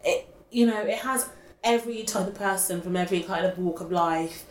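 A woman's voice: lowish voice, brisk. A woman co-hosting a podcast, chatting in a gushing way and full of "like" and "oh my God". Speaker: podcast co-host. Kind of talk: casual chat. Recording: roomy echo, faint background hiss.

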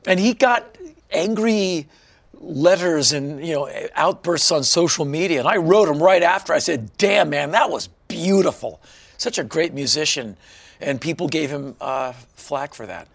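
Man, 50s, from Washington D.C., interview guest, raspy fry, slightly raised pitch, lively storytelling. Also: normal speed. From Washington, D.C., USA. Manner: animated storyteller who acts out other people's lines. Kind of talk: casual interview chat.

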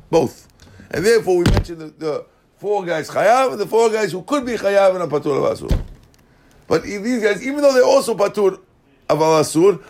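A man's voice: high voice, a little mellow. A man teaching a casual Talmud class, mixing Hebrew and Aramaic terms into English and often checking that listeners follow. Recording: class recording.

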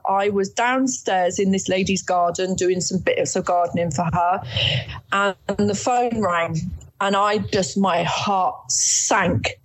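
A woman's voice: medium pitch, poor audio. A woman casually telling a long personal story as an interview guest, chatty and acting out the people she quotes. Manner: chatty, many restarts, acts out quoted voices.

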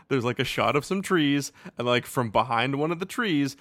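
A man's voice: medium pitch, animated, slow pace, fairly bright tone, no room sound, studio quality. A man co-hosting a podcast, rambling casually about a movie, laughing often and acting out silly quotes. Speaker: podcast co-host. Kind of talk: casual movie review chat.

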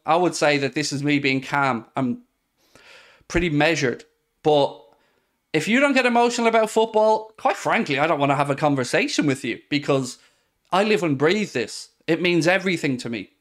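A man's voice: a little high, lively intonation, moderate pace, fairly bright tone. A man, hosting a podcast, ranting about football in a heated, sarcastic way. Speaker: podcast host. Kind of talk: passionate football rant.

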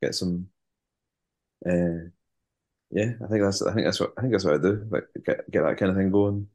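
A man, a band musician, chatting as an interview guest, halting and repeating words with many fillers. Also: sits low, a little mellow. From West African heritage. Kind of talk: casual interview chat.

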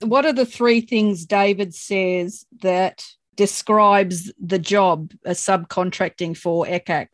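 A woman's voice: medium pitch, fairly even intonation, slow, few pauses, no room sound. Woman co-host, dry close sound. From Australia. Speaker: podcast co-host. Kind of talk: casual chat and trivia quizzing.

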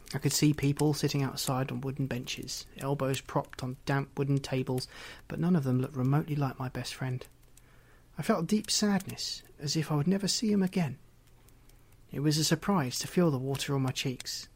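A man's voice: medium pitch, slightly rough. A man reading a first-person story aloud in a reflective way. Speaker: narrator. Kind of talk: audiobook reading.

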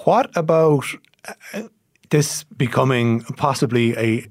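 A man's voice: mid-range voice, takes it slowly, no echo, studio quality. An Irish man hosting a news discussion podcast, asking questions with frequent restarts. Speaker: podcast host.

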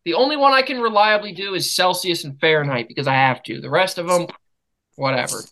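A man's voice: sits high, fairly quick, sharp tone, low-quality recording. An American man hosting a podcast in casual chat, telling stories with lots of swearing and laughter. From United States. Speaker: podcast host.

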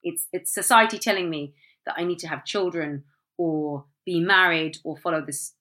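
A woman's voice: lowish voice, normal speed. A woman in her thirties, chatting candidly and with feeling on a podcast. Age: 30s. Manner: candid, animated, swears. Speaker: podcast host. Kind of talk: casual chat.

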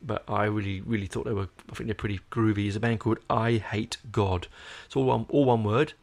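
A tired Australian man talks to his audience in a loose, rambling way, full of hesitant fillers and restarts. His fairly low voice has a gravelly fry running through it. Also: steady tone, a little fast, darkish tone. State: tired, yawning. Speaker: podcast host. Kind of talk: casual chat to viewers.

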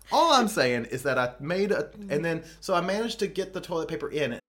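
A man's voice: fairly high pitch, fairly bright tone. A man co-hosting a casual podcast, telling a rambling, crude, joking story. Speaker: podcast co-host. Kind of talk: casual chat.

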